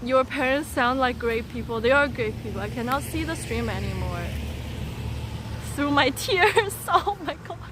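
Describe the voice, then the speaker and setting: A young adult woman streamer telling a personal story to her chat, animated, laughing and stumbling over restarts. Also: a little high, background noise. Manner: animated, laughing, halting retelling with many restarts. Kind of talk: casual storytelling to a live chat.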